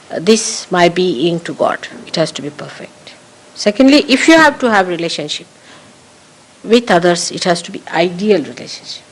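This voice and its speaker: A woman's voice: medium pitch, low-quality recording. A woman giving a spiritual talk to followers, emphatic and repeating her key phrases, in an archival recording. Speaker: spiritual teacher.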